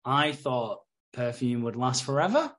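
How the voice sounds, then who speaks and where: A man's voice: mid-range voice, unhurried. A British man hosting a podcast, recapping episodes in casual chat, acting out the characters' lines with swearing and frequent laughter. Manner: animated retelling, acts out characters' lines, swears, laughs often.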